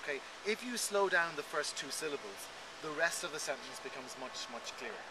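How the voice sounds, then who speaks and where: A man with a fairly high voice talks quickly and animatedly as a voice coach being interviewed. He demonstrates his points with lively emphasis. Street traffic rumbles clearly behind him outdoors. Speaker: voice coach guest. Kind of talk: conversational interview explanation. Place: outdoors in an urban area.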